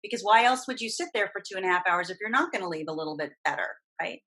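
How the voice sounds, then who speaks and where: A woman's voice: medium pitch, rapid-fire, rough recording. A middle-aged woman, a guest voice actress and coach, talking animatedly and emphatically in a casual podcast chat. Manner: animated, emphatic, talks at length.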